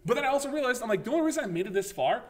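A gaming podcast co-host with an extremely high-pitched voice rattles off a story at rapid-fire speed. Animated and casual, he swears heavily and acts out his reactions as he goes.

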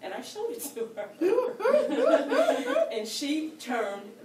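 Animated woman telling a personal story. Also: a little high, normal speed, heavy background noise. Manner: animated and playful. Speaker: storyteller at a speaking club. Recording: echoey room, distant mic, faint ambience.

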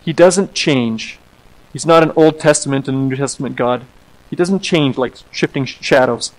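A man, an associate pastor, preaching a sermon in an animated way, acting out quoted voices and repeating words as he goes. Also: medium pitch, moderate pace, rough recording.

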